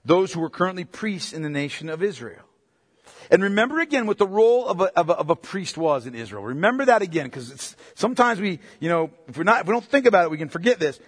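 Husky high-voiced preacher in a reverberant hall. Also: male voice, big pitch swings, fast. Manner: asks rhetorical questions, repeats key points. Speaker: pastor. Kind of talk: expository Bible sermon.

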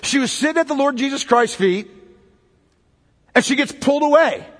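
High, lively-voiced man preaching in an echoing hall. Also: normal speed. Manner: emphatic, repetitive preaching with rhetorical questions. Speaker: pastor. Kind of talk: sermon.

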